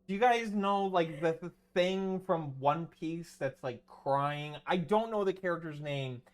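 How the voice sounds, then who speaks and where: A man's voice: on the high side, unhurried. Rambling, swearing male streamer. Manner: rambling, swears, many restarts. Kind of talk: casual stream chat.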